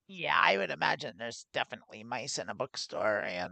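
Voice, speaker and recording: A woman with a gravelly, bright edge to her voice chats loosely as a podcast co-host, rambling, trailing off and laughing often. Her voice sounds close and dry. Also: a bass voice, sing-song, brisk, dry recording. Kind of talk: casual chat.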